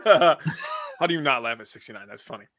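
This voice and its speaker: A man co-hosting a sports podcast in casual chat, getting excited and swearing freely. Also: a little high, normal speed, dry recording.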